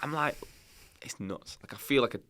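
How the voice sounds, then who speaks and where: A man in his thirties, a podcast guest telling candid personal stories in a lively, casual way and swearing freely. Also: medium pitch, moderate pace. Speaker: podcast guest, company founder. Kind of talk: casual conversational storytelling.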